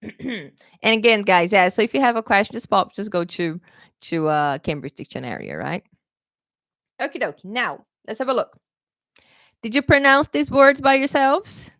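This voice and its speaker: A woman's voice: medium pitch, sing-song, moderate pace, long pauses, fairly bright tone, dry recording. A woman who grew up speaking runs a live online pronunciation lesson. She talks in a chatty, informal way, stops to check in with "okay?" and corrects herself as she goes. Her voice sits in an ordinary middle range and sounds close and dry. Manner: chatty, repeats "okay?" often, self-correcting. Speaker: English pronunciation teacher.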